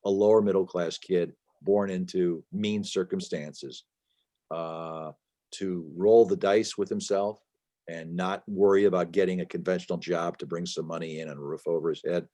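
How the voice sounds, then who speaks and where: A man with a deep, steady, mellow voice answers interview questions as an author guest over a video call, speaking at a moderate pace. He talks at length with emphasis, often restarting and using fillers.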